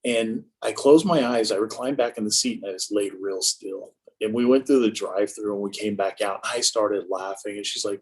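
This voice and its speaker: A man's voice: lowish voice, fairly even intonation, fairly quick, hardly any pauses, breathy edge, rough recording. A man in his fifties, a guest in a casual interview, telling stories about his life with a self-mocking, joking humor. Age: 50s. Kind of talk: casual conversation.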